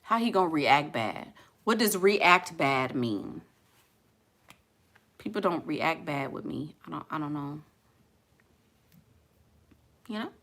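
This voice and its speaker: A young woman from Houston, Texas, with a Southern accent, chats casually with viewers while reading live comments, laughing and talking back to chat bluntly. Her low voice is animated and a bit bright, and she goes slowly, pausing often.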